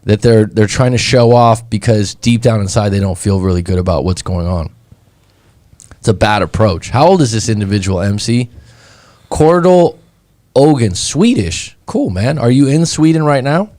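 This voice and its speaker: A man from California, a breakup coach hosting a show, chatting casually and telling stories in an animated way. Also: on the low side, normal speed, no room sound. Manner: animated, conversational, acts out anecdotes. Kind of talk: casual chat, storytelling.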